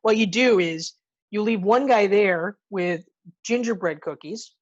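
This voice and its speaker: Profane, animated woman podcast host; dull lo-fi audio. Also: medium pitch, measured pace. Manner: animated retelling, profane, acts out characters' lines. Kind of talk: casual movie review chat.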